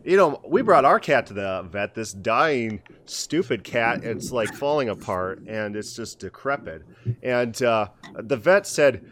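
A middle-aged man chatting on a casual podcast, winding through anecdotes with frequent restarts and false starts. His pitch sits in an ordinary middle range for a man. When he quotes people, he slips into their voices. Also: very animated, measured pace, fairly bright tone, a little hiss or hum. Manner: rambling storyteller with many restarts, acts out voices in quotes. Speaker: podcast co-host. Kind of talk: casual conversational podcast chat.

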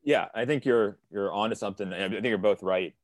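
A man's voice: on the low side, a little fast, dry recording, clean studio sound. A man co-hosting a casual literary discussion, talking earnestly and rambling a little as he paraphrases characters. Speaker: co-editor and podcast co-host.

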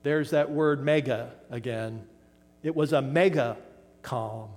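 Older preacher in a reverberant hall. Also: male voice, medium pitch. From western Pennsylvania. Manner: dramatic pauses, trailing off softly on key words. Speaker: pastor. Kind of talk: sermon.

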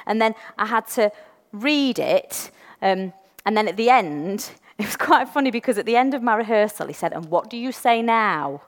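An English woman giving a chatty, self-deprecating sermon in a church, slowing down to read scripture deliberately. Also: medium pitch, expressive, in a large hall. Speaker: preacher.

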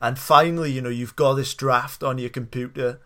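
A man's voice: medium pitch, fairly even intonation, normal speed, a bit bright. A male podcast host asking interview questions, friendly, recapping the guest's story with small hesitations.

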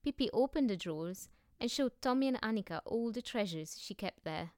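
A woman narrating a children's story as an audiobook reading, gentle and measured. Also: fairly high pitch, lively intonation, no room sound, clean studio sound.

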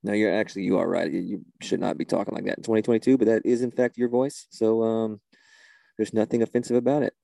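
A man's voice: lowish voice, steady tone, quick pace, creaky, warm tone, no room sound. A man leading a church service in a comedy sketch, talking in an exasperated, flustered way and often repeating himself.

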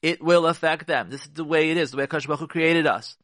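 A woman hosting a radio advice show, lecturing her listeners emphatically and repeating her points, with lively swings between loud stresses and quiet asides. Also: deep voice, fast talker, no room sound, clean studio sound. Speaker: radio show host giving marriage advice.

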